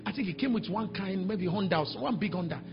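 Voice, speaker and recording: Nigerian pastor, middle-aged, high gravelly preaching voice, animated storyteller with sudden shouts, echoey hall, dull sound. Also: male voice, fast, music in the background. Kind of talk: sermon with storytelling. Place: large church hall.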